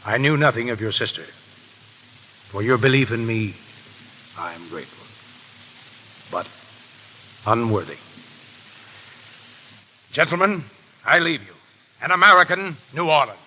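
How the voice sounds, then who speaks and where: An actor playing a proud, brooding pirate captain in a 1930s radio play. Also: male voice, medium pitch, lively intonation, a little slow, long pauses, bright, forceful tone, a little hiss or hum, low-quality recording. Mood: grave.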